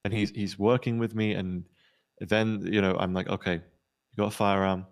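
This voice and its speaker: A man with a fairly deep voice plays a police officer in a role-play. He tells the story of a standoff in a rapid debrief, acting out each quoted line. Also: little pitch movement. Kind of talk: in-character debrief recounting an incident.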